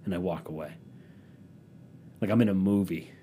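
Young man, lowish mellow voice, sarcastic home vlog rant, faint rumble behind. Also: normal speed. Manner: sarcastic, rambling, swings from loud to muttering. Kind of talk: rambling comedic monologue.

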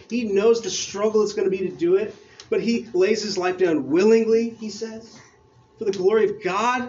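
A man with a high voice preaches a casual, conversational sermon, getting excited, dropping slang and stumbling over his words as he reads scripture aloud. The sound is a bit dull, with faint room noise behind him.

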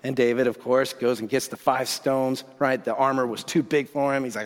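A man preaching a sermon as pastor, telling the story in a casual, animated way with bursts of excitement. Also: mid-range voice, normal speed. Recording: long hall reverb.

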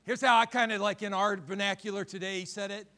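A man's voice: sits high, steady tone, fast, pushed and bright. A middle-aged man preaching a sermon as pastor, building to fervent emphasis.

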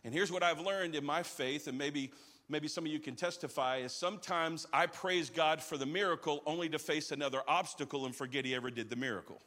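Male pastor, somewhat high and forceful voice, energetic live sermon with call-outs, long sanctuary echo. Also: brisk. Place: large church auditorium.

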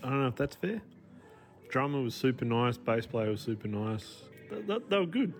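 A man's voice: mid-range voice, very animated, moderate pace, faint music behind. A man in a recorded interview, hesitant and laid-back, with some swearing. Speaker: interviewed musician.

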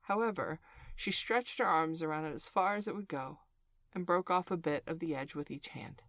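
A woman narrating a storybook aloud in a clear, measured, expressive way. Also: deep voice, no room sound.

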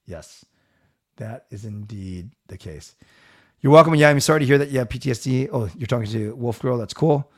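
Middle-aged guy on a live stream, reading chat out loud and chatting back, easygoing. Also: mid-range voice, moderate pace. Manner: reads viewer comments aloud and answers them. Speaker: livestream host reading chat. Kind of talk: casual chat.

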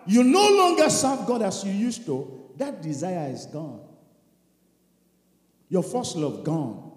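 Impassioned male preacher, high voice, big swings from loud to quiet, long hall reverb. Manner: impassioned, swings from shouts to hushed tones, acts out prayers. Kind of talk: fiery sermon. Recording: echoey hall.

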